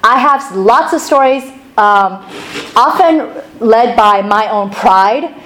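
A middle-aged woman pastor opening a sermon with a chatty, animated personal story, laughing now and then. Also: fairly high pitch, takes it slowly, slight background noise, low-quality recording.

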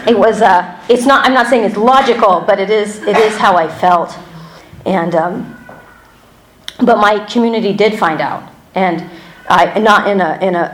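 A woman's voice: medium pitch, slight background noise. A woman speaking candidly to a congregation about her faith and her own experience, talking in a loose conversational way with plenty of fillers, restarts and wry asides. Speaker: church member giving a testimony. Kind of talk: personal testimony to a congregation. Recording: roomy hall echo.

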